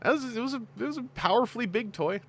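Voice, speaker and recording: A man hosting a casual podcast chat, talking in a chatty, lively way with plenty of fillers. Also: very high-pitched, fast talker, slight background noise. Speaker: host.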